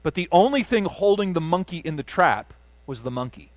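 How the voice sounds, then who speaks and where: A male pastor preaching with a high, bright-edged voice. He builds earnest, emphatic runs and then drops to soft, low endings. The sound is close and dry, with little room around it. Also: lively intonation, fairly quick, no echo. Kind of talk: sermon. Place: church sanctuary.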